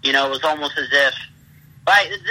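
A man's voice: medium pitch, brisk, sharp tone, poor audio. A man, a pro wrestler, telling rambling stories in a casual interview and laughing through them.

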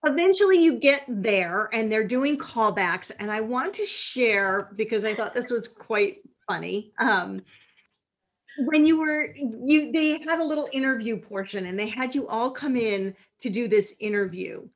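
A woman host from New York with a fairly high voice interviews her guest. She chats easily and laughs often. She reads passages from a book aloud. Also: lively intonation, a little slow. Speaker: podcast host. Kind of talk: casual interview, reading book excerpts.

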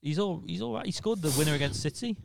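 A man's voice: high voice, animated, fast talker, gravelly. Chatty man sharing football stories. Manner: chatty, sings snatches of football songs. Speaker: podcast guest. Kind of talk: casual chat.

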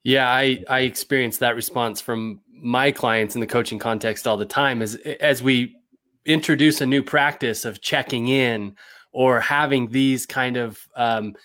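A man's voice: mid-range voice, a bit bright, no echo. A man who works as a coach, talking casually on a podcast and laughing lightly as he makes his points. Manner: conversational, laughs lightly while making a point. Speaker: leadership coach. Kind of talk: podcast conversation.

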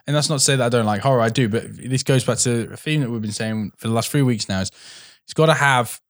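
A man co-hosting a casual film podcast, speaking in a measured, reflective way. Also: medium pitch, no echo. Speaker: podcast co-host. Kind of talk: casual film review chat.

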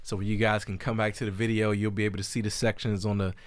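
Guy hosting a faith chat, low smooth voice, laid back, dry close sound. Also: fast talker, no room sound. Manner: relaxed, easygoing, affirming. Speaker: host.

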